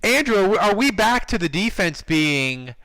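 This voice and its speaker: A man's voice: high-pitched, very animated, moderate pace, bright, forceful tone, poor audio. A man hosting a sports podcast, chatting casually and telling wry stories. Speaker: podcast host.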